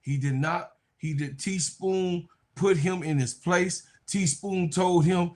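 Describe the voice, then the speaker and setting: Man, sports stream host, unhurried delivery, somewhat high voice, under the weather, loud animated outbursts. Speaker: sports talk show host. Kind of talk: casual live-stream sports chat reading comments.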